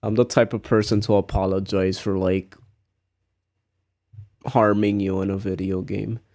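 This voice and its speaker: A man's voice: low voice, flat delivery, unhurried, darkish tone. A young man streaming, chatting casually and rambling through a story with frequent laughs. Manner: rambling, laughs at himself while telling stories. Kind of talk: casual chat.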